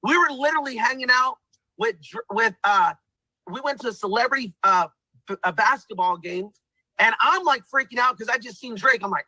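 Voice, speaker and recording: A man's voice: very high voice, brisk, bright, forceful tone, no echo, poor audio. A man giving an emphatic motivational pep talk, repeating himself and calling the viewers guys. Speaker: testimonial speaker.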